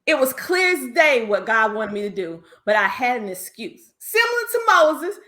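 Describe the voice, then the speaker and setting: A woman's voice: on the high side, lively intonation, moderate pace, bright, forceful tone. A woman with a Southern US accent, a business coach giving an emphatic, preacher-like motivational talk on a video call, calling listeners honey. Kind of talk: motivational speech in an online panel.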